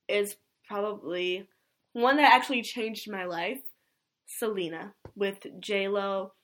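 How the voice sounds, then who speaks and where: A young woman chatting casually with friends on a podcast, relaxed and enthusiastic. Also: mid-range voice. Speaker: guest friend. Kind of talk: casual chat.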